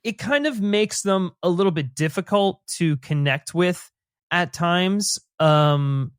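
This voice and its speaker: A man's voice: sits high, takes it slowly, smooth, no room sound, clean studio sound. A man co-hosting a casual TV recap podcast, rambling and thoughtful, with lots of "like" fillers. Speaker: podcast co-host.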